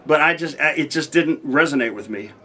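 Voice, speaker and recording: A man's voice: on the high side, fairly quick, pushed and bright. A man telling stories in a casual interview, rambling with many restarts and acting out old conversations. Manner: rambling, many restarts, acts out quoted dialogue. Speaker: interview guest, former pro wrestler.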